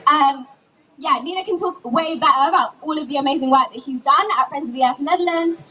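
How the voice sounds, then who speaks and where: A woman hosting an outdoor protest rally, shouting upbeat call-and-response chants to a crowd. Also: high-pitched, brisk. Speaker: rally host. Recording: distant mic with crowd noise.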